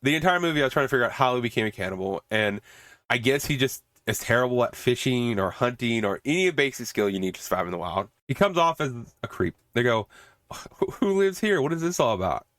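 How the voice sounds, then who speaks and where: A man's voice: mid-range voice, animated, quick pace, a bit bright, dry recording, studio quality. A man hosting a podcast, recapping a movie in a rambling, casual way, swearing often and laughing at it. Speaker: podcast host.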